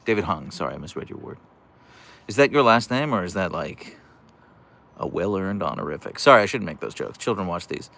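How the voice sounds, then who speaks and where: A man's voice: low voice, very animated, a little fast, creaky, a bit bright. A man hosting a casual livestream from his couch at home, reading out viewer comments and joking with them. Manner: chatty, joking, reads viewer comments aloud. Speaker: livestream host, dog owner.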